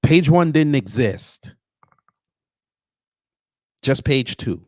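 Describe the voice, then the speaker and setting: A man hosts a livestream, reading out viewers' names from chat and greeting them with sarcastic, mocking remarks. His medium-pitched voice is a little mellow, with lively intonation and drawn-out words. The recording is clean studio sound with no room echo.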